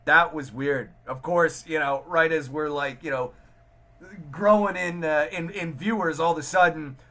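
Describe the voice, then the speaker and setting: A man's voice: on the high side, a little slow, pushed and bright. A man hosting a casual live chat, thinking aloud with many restarts and fillers while answering viewer comments. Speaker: livestream host.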